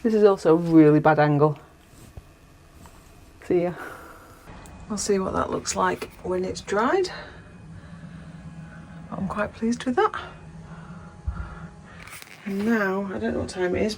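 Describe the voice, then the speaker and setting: A woman's voice: lowish voice, a little mellow. A woman in her forties rambles cheerfully to a self-filmed camera, often drifting away from the mic as she works. The sound rings with a long echo off the hard walls of a small caravan, with a faint hiss of wind outside. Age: 40s. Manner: chatty, rambling, self-deprecating. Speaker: vlogger. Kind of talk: casual solo vlog chat. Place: small caravan interior under renovation, windy day. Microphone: self-filmed camera on a stabilizer, sometimes far off. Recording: echoey small room, faint wind noise.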